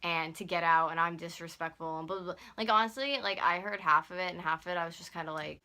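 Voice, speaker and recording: A woman's voice: lowish voice, background noise. Heated young woman telling a storytime. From North America. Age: 20s. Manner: fast, heated retelling full of "like". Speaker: YouTuber. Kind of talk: storytime vlog. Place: at home. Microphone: camera on a stand.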